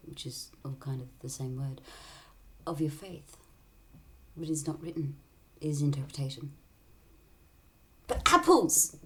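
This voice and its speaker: A woman's voice: low voice, mellow. A woman in a rambling, tangential casual monologue, often dropping into whispered asides.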